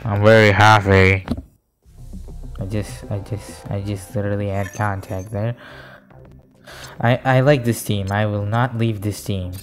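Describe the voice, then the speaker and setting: Male gamer, slow rambling delivery over game music, bursts into yelps and cheers at kills. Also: fairly low pitch. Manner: excitable, yelps and cheers at kills, mutters asides. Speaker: gaming YouTuber. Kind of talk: live gameplay commentary.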